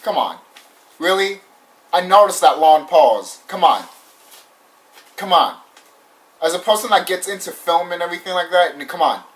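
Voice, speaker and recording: A man's voice: sits high, normal speed, pauses often. Ranting young man, slightly distant mic. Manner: animated, repetitive, swears often, laughs. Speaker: YouTube movie reviewer. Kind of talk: casual ranting review. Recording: voice somewhat far from the mic.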